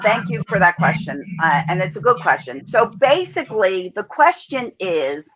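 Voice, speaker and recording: A woman parenting coach giving calm, measured advice as she answers viewers' questions in an online talk. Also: medium pitch. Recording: dull lo-fi audio.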